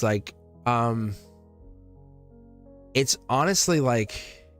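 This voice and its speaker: Chatty, reassuring male tarot reader. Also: mid-range voice. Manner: chatty, emphatic and reassuring, laughs often between phrases. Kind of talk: casual live-stream tarot reading.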